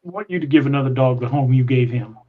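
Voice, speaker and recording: Heard through muffled lo-fi audio, a podcast host with a mid-range voice talks quickly in casual conversation. His story wanders and he restarts it frequently.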